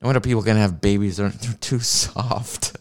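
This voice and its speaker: A man with a lowish voice rants on a stream while reacting to videos, keeping a steady tone and moderate pace. He swears often and laughs at his own sarcastic jokes, speaking into a desk streaming mic run through a mixer.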